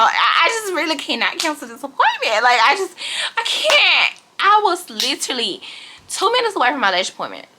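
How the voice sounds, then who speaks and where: A woman's voice: sits high, huge pitch swings, brisk, sharp tone, a little hiss or hum. A woman telling a storytime vlog in casual, dramatic chat, calling her viewers y'all. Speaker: vlogger.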